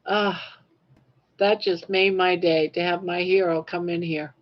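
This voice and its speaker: Slow-talking grandmother on a dull lo-fi stream. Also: fairly low pitch, fairly even intonation. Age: 60s. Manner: warm-hearted, emotional, chatty with viewers. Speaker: livestream host. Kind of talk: casual livestream chat, reading viewer comments.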